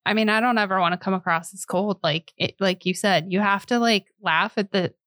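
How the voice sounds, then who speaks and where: A woman's voice: medium pitch, brisk, fairly bright tone, dry recording, clean studio sound. A woman co-hosting a casual true crime podcast, reacting with short remarks and musing asides. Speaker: podcast co-host hearing the case.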